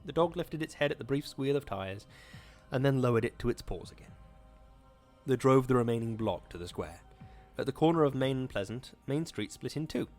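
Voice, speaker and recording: A man hosting a show, reading a horror story aloud in a steady, measured way. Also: mid-range voice, soft background music.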